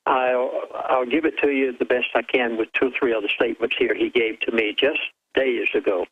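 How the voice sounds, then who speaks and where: A man's voice: medium pitch, fairly even intonation, a little fast, slightly rough, dry recording, narrow, tinny audio. A man who is a guest on a call-in radio show, speaking urgently and dramatically while quoting a source word for word.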